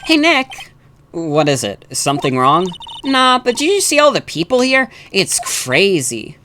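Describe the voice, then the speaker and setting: A man voicing a cheerful young woman sidekick in a video game, talking in an excited, bubbly way. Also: high voice, measured pace, slight background noise, voice pushed up, exaggerated voice.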